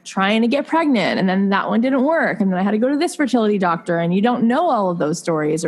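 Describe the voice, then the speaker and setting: A woman in her thirties speaks as a podcast guest, earnest and confiding. She talks in a loose, chatty way, full of likes and restarts, at a middle pitch. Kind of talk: candid conversational storytelling.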